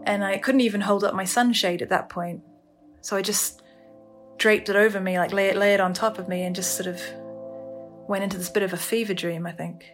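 A woman recounts her own survival ordeal, pausing and restarting as the emotion catches up with her. Her pitch sits in the middle of the range, and faint music plays underneath. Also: fairly even intonation. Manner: halting, emotional, many restarts. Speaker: storyteller. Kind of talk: personal survival story, told casually.

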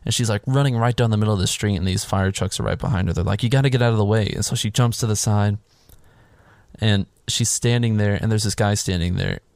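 Guy with a low gravelly voice recapping a movie, doing little voices for characters, dry close sound. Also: brisk, dry recording. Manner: animated, acts out characters' lines in higher voices. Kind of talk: casual chat, retelling a film.

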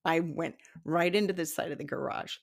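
A woman in her fifties, a psychic development teacher, telling a personal story in casual talk, animated, laughing often and acting out what people said. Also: low voice, moderate pace, gravelly. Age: 50s. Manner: animated, laughs often, acts out quoted dialogue.

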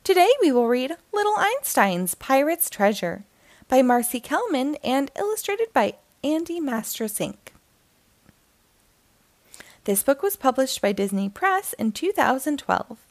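A woman reading a children's picture book aloud as a storytime host, in an animated, expressive way. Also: high voice, measured pace.

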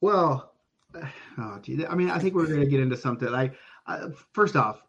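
This Oklahoma man, a podcast guest, tells stories casually in a slightly high, animated, creaky and somewhat bright voice at a normal pace. He rambles, restarts often and swears offhandedly, all captured on a dull lo-fi mic.

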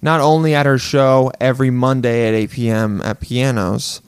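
A man's voice: medium pitch, fairly even intonation, normal speed, clear, resonant tone, no room sound. A man hosting a podcast in casual chat, joking loosely and mocking himself. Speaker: podcast host.

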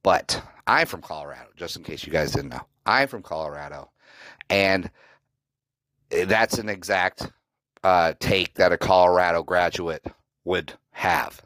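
A man's voice: low-pitched, unhurried, fairly bright tone, no echo, poor audio. A man hosting a solo sports podcast, ranting sarcastically and profanely about a rival team's staff. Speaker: podcast host. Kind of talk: solo sports reaction rant.

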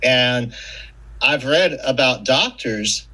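Podcast guest: a man with a bright, forceful voice and an animated, storytelling delivery, casual and profane. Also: medium pitch, slow pace, slightly rough, rough recording. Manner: animated storyteller, swears freely. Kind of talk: casual conversation.

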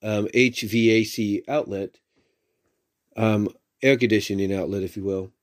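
A man's voice: fairly low pitch, steady tone, a little slow. A man giving a casual, loosely worded recap of a story, stopping often to search for words and repeating the same stock phrases. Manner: rambling, many fillers and restarts, repeats "if you will".

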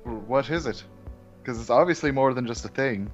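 A man's voice: mid-range voice, moderate pace, soft background music. Joking male player, dull lo-fi sound. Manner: joking, offhand. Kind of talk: casual role-play chat. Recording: dull lo-fi recording.

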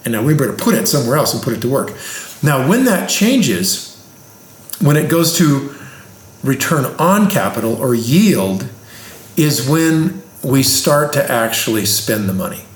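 A man's voice: medium pitch, sing-song, unhurried. A man who explains investing plainly, like a teacher, with everyday examples in a casual conversation. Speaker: investing expert. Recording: roomy echo.

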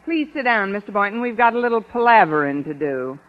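An actress playing a quick-witted, flustered English teacher in a 1950s radio sitcom. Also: female voice, mid-range voice, animated, close to an everyday voice. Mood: playful. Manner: wisecracking, flustered, giggly. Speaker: schoolteacher. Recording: muffled old radio broadcast with audience.

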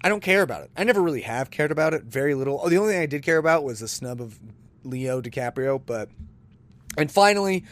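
A man's voice: a little high, expressive, fast. A man hosting a casual solo podcast, rambling and self-deprecating, with bursts of exasperated disbelief. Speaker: podcast host.

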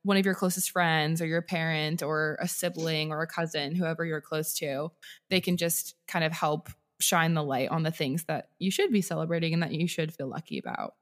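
A woman's voice: low-pitched, moderate pace. A young woman co-hosting a podcast in a chatty, giggly, casual way. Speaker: podcast co-host. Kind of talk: casual chat.

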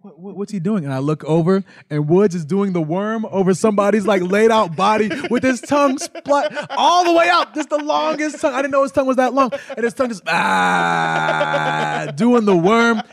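A man co-hosting a podcast, telling a lively story and laughing often. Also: high voice, normal speed, hardly any pauses. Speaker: podcast co-host. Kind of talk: casual chat.

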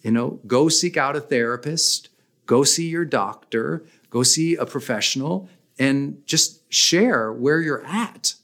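Speaking slowly in a mid-range, fairly bright voice, a man hosts a podcast with a motivational message. Whenever he reaches an important point, his emphasis leaps up.

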